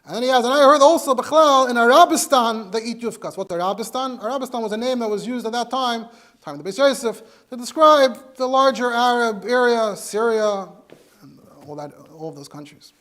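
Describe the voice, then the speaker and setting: High-voiced rabbi teaching a class. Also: male voice, lively intonation, brisk, fairly bright tone. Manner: explanatory, mixes Hebrew and Yiddish terms into English. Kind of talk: Torah lecture.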